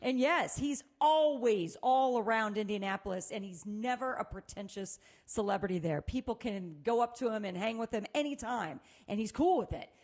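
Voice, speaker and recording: Animated middle-aged woman telling stories. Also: a little high, moderate pace, hardly any pauses. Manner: animated storyteller, laughs often. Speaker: co-host. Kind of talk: casual chat.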